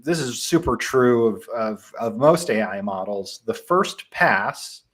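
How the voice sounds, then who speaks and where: A young man with a Midwestern accent, casually presenting a live software tutorial with frequent ums and restarts. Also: mid-range voice, lively intonation, slow. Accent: Midwestern American.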